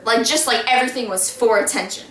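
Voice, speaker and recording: Bright-voiced young woman, rambling. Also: a little high, fast. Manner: rambling, many restarts and fillers. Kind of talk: casual storytelling. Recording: echoey room, from far off.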